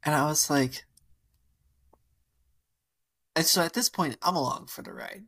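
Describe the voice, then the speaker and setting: A man's voice: fairly high pitch, a little fast, slightly rough. Young man telling a story, playful. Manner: animated, filler-heavy, acts out quotes. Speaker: podcast co-host. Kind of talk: casual storytelling chat.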